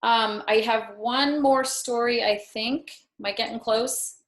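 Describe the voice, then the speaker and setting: A woman's voice: on the high side, fairly even intonation, a little slow. A woman in her fifties, a yoga teacher and guest, telling a personal story in an earnest, reflective way with light self-mockery. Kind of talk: personal storytelling in a talk show. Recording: roomy echo.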